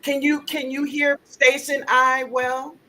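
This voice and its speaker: A woman's voice: high-pitched, level tone, unhurried, pushed and bright. A woman hosting a live stream in a casual, chatty way, greeting viewers by name and laughing often.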